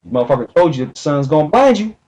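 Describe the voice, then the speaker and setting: A man with a fairly high-pitched voice delivers a profane, emphatic rant into the camera. He swings between slow, stressed phrases and rushed bursts, and swears constantly in a loud, off-the-cuff monologue. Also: sing-song, low-quality recording. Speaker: video commentator.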